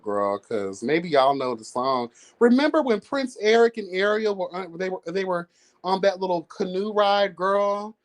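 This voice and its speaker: A livestream host talking casually at home, sassy and chatty, calling listeners girl and honey. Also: mid-range voice. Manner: breaks into bits of song and laughs. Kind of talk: casual gossip commentary. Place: home, with cats.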